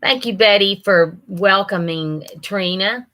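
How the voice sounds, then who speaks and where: In her sixties and from Ohio, this livestream host chats folksily with viewers by name while reading their comments. Her medium-pitched voice is fairly bright and slow, and the audio quality is poor.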